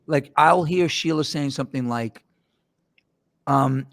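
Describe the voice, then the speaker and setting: A man's voice: mid-range voice, moderate pace, creaky, dry recording. A man hosting a casual podcast, telling rambling jokey stories with his co-hosts. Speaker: host.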